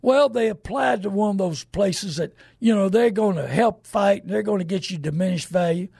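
A man's voice: high-pitched, moderate pace, gravelly, darkish tone, slightly rough, no room sound, clean studio sound. A man hosting a radio show, talking in a rambling, emphatic folksy way and acting out the people he quotes. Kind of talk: folksy radio talk monologue.

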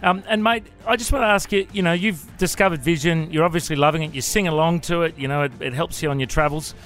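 A man's voice: a little high, fast talker, fairly bright tone, soft background music. A man co-hosting a radio interview in a playful, joking, upbeat way. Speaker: radio host.

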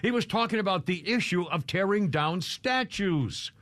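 This talk radio host has a high-pitched, somewhat bright voice, speaking animatedly at a moderate pace with no room sound. Recorded on a studio mic in a radio studio with video cameras, he chats casually, rambles, shares strong opinions, and frequently laughs and imitates others.

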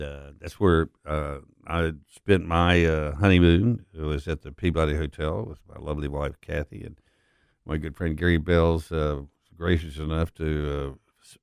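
A middle-aged man hosts his talk radio show in a very deep, smooth voice. He rambles in a folksy way, filling gaps with pauses. The studio sound is dry and close. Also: a little mellow, dry recording. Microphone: studio broadcast mic.

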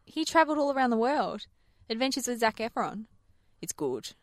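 A woman's voice: a little high, sing-song, moderate pace, dry recording, studio quality. A woman co-hosting a radio show, trading sarcastic, playful comebacks. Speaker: radio co-host. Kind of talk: casual banter.

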